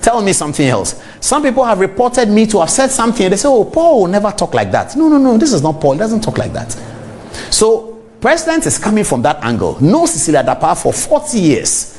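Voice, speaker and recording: A man's voice: high voice, brisk, a little hiss or hum. A middle-aged man with a Ghanaian English accent, hosting a TV talk show and speaking straight to his viewers. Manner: animated, talks straight to viewers. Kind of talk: on-air commentary.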